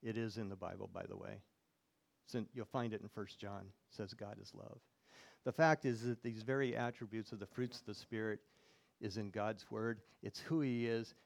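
A man's voice: on the low side, fairly even intonation, normal speed, gravelly. A male pastor preaching a sermon in church, reading scripture aloud and putting questions to the congregation.

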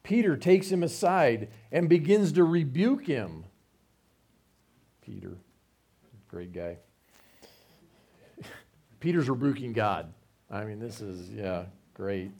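A man's voice: on the high side, lively intonation, slow, pauses often, a little mellow. A man giving a conversational Bible teaching, reading passages aloud and explaining them with informal asides.

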